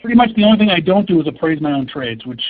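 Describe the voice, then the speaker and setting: A man's voice: a little high, big pitch swings, racing. A man who sells cars talks bluntly about money as an interview guest, often repeating words. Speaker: car salesman guest. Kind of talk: casual interview on a webinar. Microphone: phone call. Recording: tinny phone line with faint hiss.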